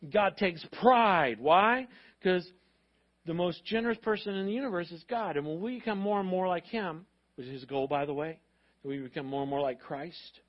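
A man preaching a sermon to his congregation. He talks in a lively, animated way and acts out voices of parents and of God. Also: sits high, moderate pace, lo-fi sound. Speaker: pastor.

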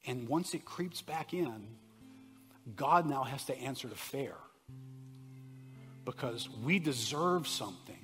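A man preaching a sermon to a congregation, moving from conversational asides to loud, impassioned passages and asking the room direct questions. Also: medium pitch, animated, slow, long pauses. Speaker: pastor. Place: church sanctuary. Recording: preached in a reverberant hall, soft guitar behind.

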